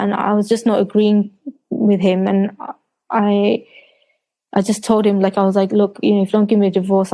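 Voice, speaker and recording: A woman in her thirties speaks with a London accent, her voice mellow and low in brightness. She talks in a flat, even way, stumbling and restarting as she recounts her story to an interviewer. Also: creaky, rough recording. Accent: London English. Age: 30s. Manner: hesitant, many restarts and fillers; recounts quotes in a flat retelling voice. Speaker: guest. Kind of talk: personal testimony in an interview.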